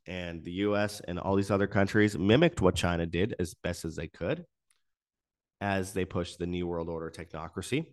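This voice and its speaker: A man delivering opinionated news commentary in an animated, indignant ranting manner, often restarting his words. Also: on the low side, moderate pace.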